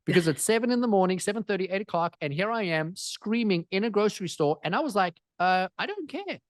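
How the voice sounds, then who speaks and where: A man speaking as a guest in an interview, energetic and emphatic, driving points home with repetition. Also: sits high, fast talker, no echo, clean studio sound. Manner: energetic, emphatic, repeats phrases for effect. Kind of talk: animated interview storytelling.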